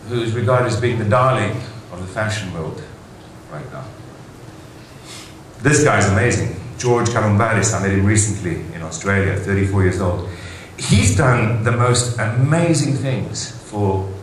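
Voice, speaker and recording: A conference speaker gives an enthusiastic keynote in a large hall, telling stories with rhetorical asides. His voice is lowish and a bit bright, and the very echoey hall carries faint noise.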